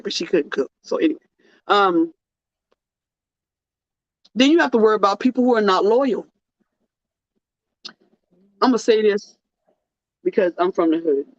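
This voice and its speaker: This is a talk show host, a woman with a medium-pitched voice, giving a relaxed monologue that jokes around while rolling along like a sermon. She's animated throughout, and the audio is dry and dull with a lo-fi quality and no echo.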